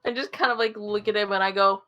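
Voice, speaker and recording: A woman's voice: medium pitch, fairly even intonation, fast, pushed and bright. A woman playing a tabletop game, joking around playfully and laughing often. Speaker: player.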